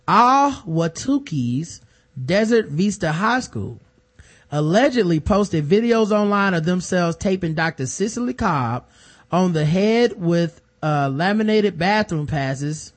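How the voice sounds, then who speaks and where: Man, podcast co-host, casual chat, animated and profane, slightly higher voice. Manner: animated, profane, acts out quoted people.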